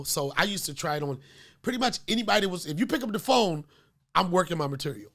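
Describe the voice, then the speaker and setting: A male comedy podcast host with a slightly high voice, a little worn from a cold. He rambles loosely through stories, full of fillers and profanity. Casual and unscripted throughout. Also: animated, quick pace, a bit bright. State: getting over a cold.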